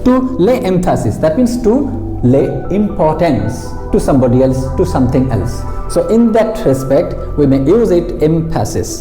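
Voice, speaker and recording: A man teaching English grammar, repeating each example slowly and explaining in plain, patient steps. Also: on the high side, big pitch swings. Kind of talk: slow classroom-style grammar lesson. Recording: roomy echo with music behind. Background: new-age music.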